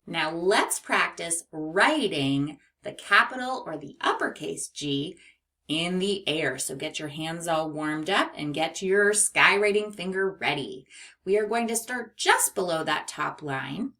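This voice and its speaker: Slow, clear woman teaching phonics. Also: on the low side, expressive, pushed and bright. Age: adult. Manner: slow, clear, encouraging teacher talk to young children. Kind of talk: children's phonics lesson.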